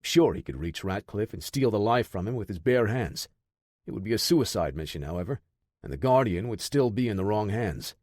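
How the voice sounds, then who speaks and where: A man narrating a military action audiobook in a steady, measured reading. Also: fairly low pitch, no room sound, studio quality. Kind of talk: scripted narration.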